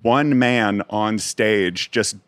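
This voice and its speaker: A man guesting on a podcast, chatting casually in a self-deprecating, halting way with many restarts. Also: lowish voice, a bit bright, clean tone, no echo. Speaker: guest comedian.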